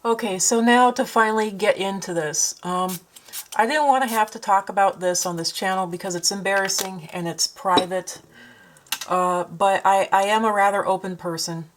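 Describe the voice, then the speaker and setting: A woman's medium-pitched, steady voice comes through at a moderate pace on a rough recording with slight background noise. A vlogger and artist with a northern Minnesotan accent, she paints at home and talks to a camera she set up, meandering chattily with lots of fillers and restarts.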